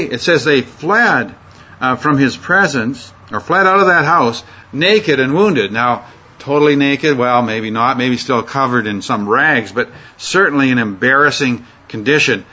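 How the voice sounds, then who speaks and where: Husky-voiced man teaching Bible study. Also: mid-range voice, sharp tone. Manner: conversational, halting with fillers and restarts. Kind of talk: informal Bible study lecture. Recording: dull lo-fi recording.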